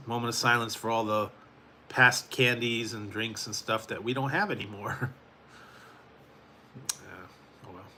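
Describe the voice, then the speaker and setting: Streamer host, male, bright tense tone, rambling chatty delivery with frequent chuckles, faint background hum. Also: medium pitch. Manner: rambling, chuckling, talks to chat viewers. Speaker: food reviewer hosting a live stream. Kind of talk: casual late-night live stream chat.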